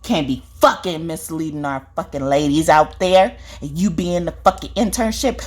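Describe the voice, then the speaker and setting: Speaking straight to the camera, a spiritual reader scolds and swears through a confrontational vlog monologue, hammering her points again and again and capping them with "okay?". Her voice is lowish and husky, at a moderate pace with hardly any pauses.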